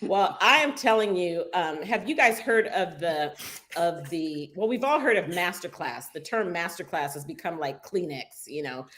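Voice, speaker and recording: A woman's voice: fairly low pitch, animated, normal speed, fairly bright tone. A woman co-hosting a radio talk show, chatting in an emphatic way and tagging her points. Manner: chatty, emphatic, tags lines with okay. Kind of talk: casual chat. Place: radio studio.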